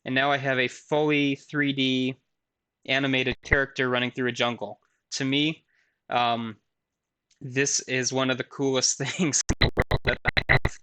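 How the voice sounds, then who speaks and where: A man's voice: medium pitch, little pitch movement, measured pace, pushed and bright. Casual, self-deprecating male lecturer. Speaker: university lecturer. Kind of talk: recorded lecture with live software demo.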